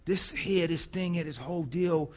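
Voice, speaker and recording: A man preaching a sermon, emphatic, who swings from hushed to loud and repeats phrases for effect. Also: fairly high pitch, moderate pace.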